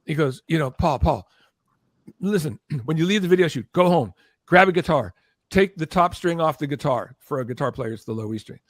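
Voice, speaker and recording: Older man telling a lively story. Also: on the high side, fairly quick, dry recording. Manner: animated, acts out quoted voices, keeps checking in with "okay?". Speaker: podcast guest, former record executive. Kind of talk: anecdotal storytelling in conversation.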